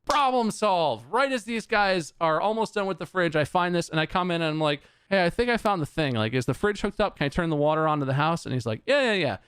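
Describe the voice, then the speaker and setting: Male podcast host, animated storyteller, frequent swearing; smooth voice, dry close mic. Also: on the high side, fast, hardly any pauses, no echo. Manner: swears a lot, animated and exasperated. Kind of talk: casual storytelling chat.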